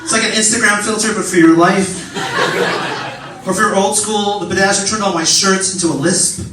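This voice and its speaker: A man doing a stand-up comedy set in a club, animated and camp, jumping into high squeaky voices for the people he quotes. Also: fairly quick. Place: comedy club stage before a laughing audience. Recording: echoey club recording, distant, noisy.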